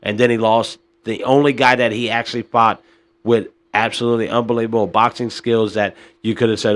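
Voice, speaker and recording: A man's voice: medium pitch, level tone, a little fast, fairly bright tone. A man hosting a podcast, giving casual boxing commentary in a rambling, frustrated way, often tossing in "man" and "uh.". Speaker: podcast host.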